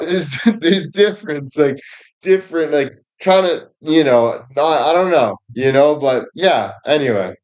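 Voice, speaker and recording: A young man hosting a casual livestream, rambling and joking crudely. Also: a little high. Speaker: livestream host.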